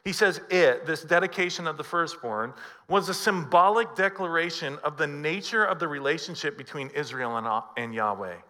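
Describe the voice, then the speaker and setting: Middle-aged male pastor, bright and fairly high voice, storytelling sermon. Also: moderate pace. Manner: storytelling preacher, acts out dialogue.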